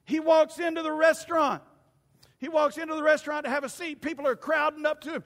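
A male pastor preaching an animated sermon, swinging from shouts to hushed asides. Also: very high voice, fast talker. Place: church sanctuary. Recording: long church reverb.

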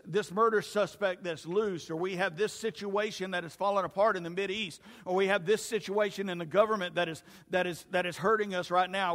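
A man preaching a sermon to his congregation in a lively, humorous way that addresses the listeners directly. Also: high-pitched, in a large hall. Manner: animated and humorous, talks to the congregation. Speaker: pastor.

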